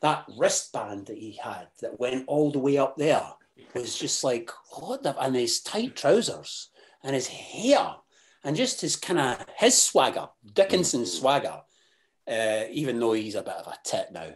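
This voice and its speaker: A Scottish man talking as a podcast guest, halting and full of restarts, then bursting into animated, sweary asides. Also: medium pitch. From Scotland. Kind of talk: casual interview chat.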